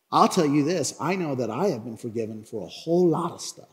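A man preaching a sermon as pastor, animated and acting out the people in his story. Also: medium pitch, moderate pace. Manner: animated, acts out Bible characters.

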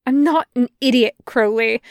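A woman's voice: sits high, very animated, unhurried, no room sound, clean studio sound, voice pushed up. A woman voicing an anxious, fussy male angel who stutters and pleads. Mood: flustered.

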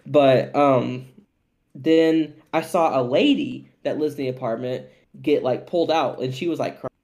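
Animated young man telling a podcast story. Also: mid-range voice, a little slow, gravelly. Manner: animated, profane, laughing storyteller. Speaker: podcast co-host.

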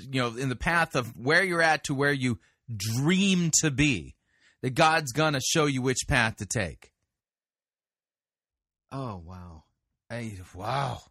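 A man breaks into a sermon clip to critique it, exasperated and disapproving. His voice is bright and crisp, recorded dry and close with no room sound. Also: fairly high pitch, expressive, unhurried, dry recording.

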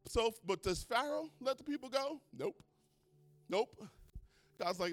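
A man preaching a sermon at a church service, excitable and swinging from hushed talk to shouting as he retells stories. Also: very high-pitched, unhurried, pauses often, no echo. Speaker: pastor.

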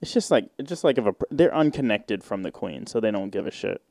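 A man's voice: fairly low pitch, animated, fairly quick, gravelly, darkish tone, no room sound, studio quality. A man hosting a solo podcast, ranting in a casual, indignant way with lots of swearing and filler words. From United States. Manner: profane, indignant, rambling with many fillers. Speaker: podcast host.

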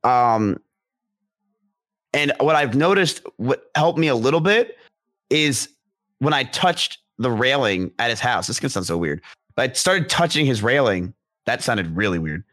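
A man's voice: medium pitch, big pitch swings, measured pace, fairly bright tone. A young man talking casually and rambling, with many restarts and fillers. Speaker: podcast guest discussing ADHD. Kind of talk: casual conversation.

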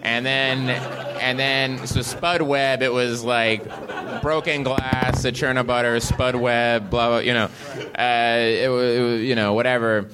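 A comedian telling lively anecdotes at a live venue, slipping into voices as he goes. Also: mid-range voice, a little slow, background noise. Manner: animated, breaks into voices and laughs. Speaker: comedian, guest on a live talk show.

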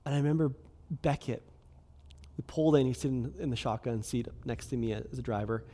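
A man's voice: mid-range voice, a little fast, mellow. A man in his thirties preaching a sermon as a pastor, in a conversational way, often asking "right?" and saying "like".

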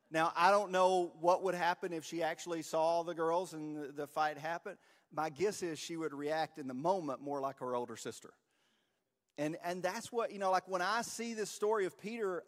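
A man preaching a conversational sermon as pastor, casual and relatable, with frequent restarts and fillers. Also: on the high side. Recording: long hall reverb.

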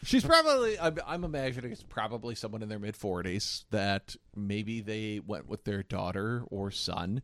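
A man co-hosting a podcast in casual chat, animated and quick to laugh. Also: fairly low pitch. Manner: animated, laughs often, mimics fading sound. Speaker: podcast co-host.

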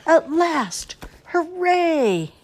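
A woman reading a storybook aloud, voicing an eager young male bunny who keeps calling out for friends in a high, bouncy voice. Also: huge pitch swings, measured pace, a little mellow, heavily acted. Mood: overjoyed. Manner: high pleading calls, bouncy and hopeful.

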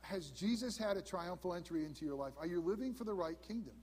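A pastor in his fifties preaches a sermon in an earnest way, sinking to a hushed tone for emphasis. His voice is husky and sits a little high for a man. The sound carries a long reverb from the church hall. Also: animated, fast talker. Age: 50s. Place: church sanctuary.

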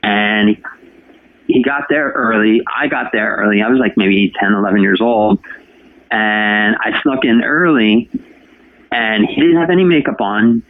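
A man's voice: on the low side, a little slow, no room sound. A man in his forties, a radio host from New Jersey, telling a long story in a chatty way during an interview. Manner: chatty storyteller, talks to anybody. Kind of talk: casual interview. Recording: dry phone-line sound.

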